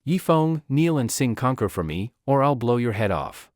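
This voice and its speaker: A man voicing an arrogant young rich man who speaks coldly and threatens people, in a lively, dry voice-over. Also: mid-range voice, normal speed, no echo, natural voice. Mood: cold, threatening. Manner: sneering, threatening.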